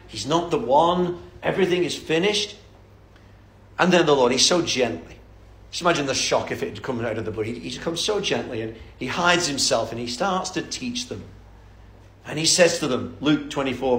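A man's voice: on the high side, fairly bright tone. Fervent man preaching in an echoey church. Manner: fervent, emphatic preaching with repeated phrases. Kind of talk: sermon.

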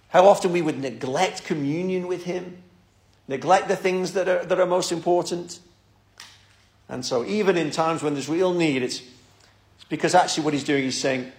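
A man's voice: fairly high pitch, echoey room. A man preaching a sermon and leading prayer, talking earnestly and often repeating words as he starts a thought.

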